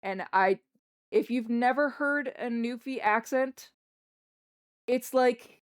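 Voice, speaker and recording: A woman's voice: on the high side, slow, clear, resonant tone, no echo, clean studio sound. Chatty young Canadian woman streamer. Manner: chatty, rambling, self-correcting with frequent laughs. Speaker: livestreamer. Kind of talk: casual chat with viewers. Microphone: streaming microphone.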